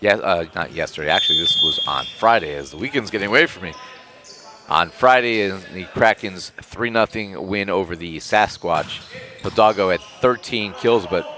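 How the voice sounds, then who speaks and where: Over loud gym noise, a man calls live play-by-play for a volleyball match, his low-sitting voice at normal speed. He's excitable, and his voice leaps up on big plays.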